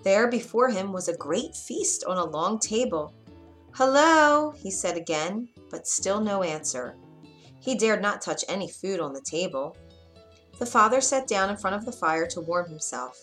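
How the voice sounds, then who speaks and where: A woman narrating a children's storybook in a clear, measured read-aloud manner. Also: mid-range voice, animated, fairly bright tone, soft background music.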